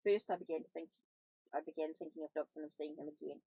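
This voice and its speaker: A woman's voice: sits low, steady tone, fast talker, creaky, mellow, husky, dry recording, highs cut off. A woman reading a first-person novel aloud, with small slips and self-corrections. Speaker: audiobook reader, tarot channel host.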